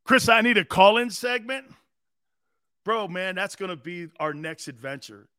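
A man hosting a football talk show in an animated, rambling storytelling manner. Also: sits high, moderate pace, smooth, no echo, studio quality. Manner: loud, rambling storyteller with frequent laughs. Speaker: host.

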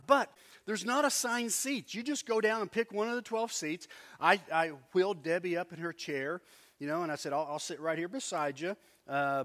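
Male preacher, middle-aged, high and bright, animated storyteller mid-sermon. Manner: animated storytelling with asides to the congregation. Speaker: pastor.

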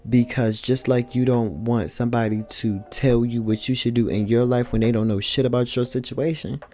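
A man's voice: medium pitch, steady tone, moderate pace, warm tone. A man talking earnestly in a reflective personal monologue, speaking colloquially to his listeners and repeating key points for emphasis.

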